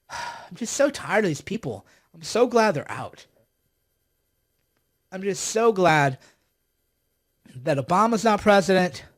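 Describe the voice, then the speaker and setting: A man's voice: high-pitched, sing-song, slow, long pauses. A man hosting a livestream, ranting with sarcasm and exasperation as he mocks his opponents. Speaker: political commentator hosting a livestream.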